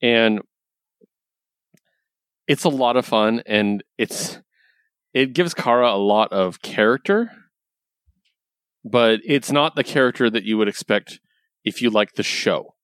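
A man's voice: medium pitch, takes it slowly, long pauses, fairly bright tone, clear, resonant tone, dry recording, clean studio sound. A young man in casual chat, retelling a comic book story with lots of laughs and casual swearing. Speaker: podcast co-host reviewing comics.

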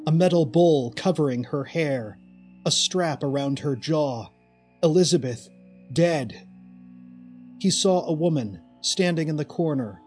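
A male narrator tells a gothic horror tale in a slow, deliberate, dramatic voice pitched a bit high. Soft music plays faintly underneath.

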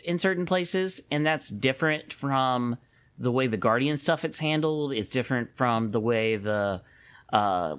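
A podcast co-host chats casually in a mid-range voice, animated and quick to laugh, often restarting his sentences.

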